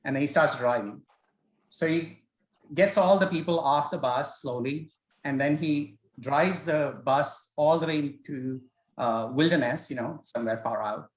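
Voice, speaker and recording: A man's voice: on the high side, unhurried, reverberant, low-quality recording. A man leading a scripture study session, talking in a hesitant, conversational way and telling stories as he explains. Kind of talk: informal spoken lecture with storytelling. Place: self-recorded study session.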